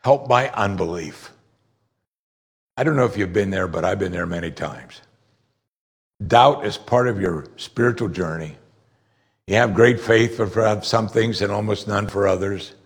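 A man preaching a conversational sermon, explaining scripture and rising sharply in pitch when he makes a strong point. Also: normal speed. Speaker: pastor.

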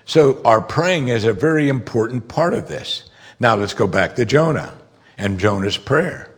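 A pastor preaching a sermon, explaining scripture earnestly and building to emphatic outbursts. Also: male voice, mid-range voice, expressive, a little slow, slightly rough.

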